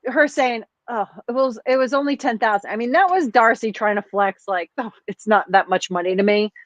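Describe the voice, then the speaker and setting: A woman's voice: on the high side, fairly quick, no echo. Blunt ranting woman on a dull dry mic. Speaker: podcast co-host. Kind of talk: casual podcast chat.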